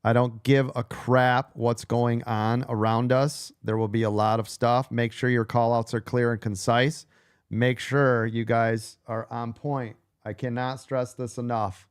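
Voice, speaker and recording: A man's voice: mid-range voice, clear, resonant tone, no room sound, clean studio sound. A man losing his voice, coaching a live trading room, blunt and profane, repeating key points.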